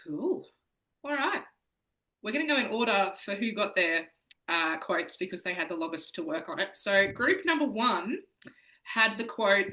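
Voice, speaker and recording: A woman hosts an online games night in a bright, forceful voice. She is chatty and excitable, quick to laugh and cheer people on. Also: mid-range voice, poor audio. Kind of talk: casual hosting.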